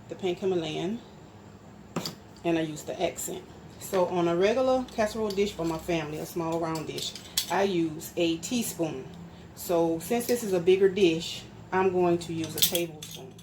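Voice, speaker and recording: A woman talks her viewers through a home recipe in a relaxed, chatty way, explaining each step as she stirs and measures. Her voice sits a little low, and a steady noise runs clearly under the recording from her home kitchen. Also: normal speed. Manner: explains steps while stirring and measuring. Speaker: home cook and channel host. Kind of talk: casual cooking demonstration.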